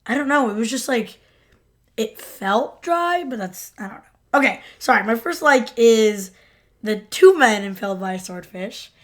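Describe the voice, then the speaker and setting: A woman's voice: a little high, lively intonation, a little slow. A woman co-hosting a podcast in casual chat, hesitant and rambling. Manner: hesitant, rambling, many fillers. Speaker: podcast co-host.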